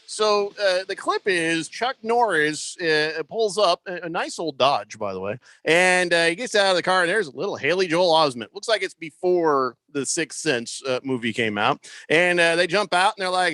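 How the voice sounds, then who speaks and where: A man's voice: fairly high pitch, animated, normal speed, few pauses, pushed and bright, dry recording. A man hosting a sports radio show in casual chat, rambling loosely with plenty of fillers and restarts. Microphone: studio microphone.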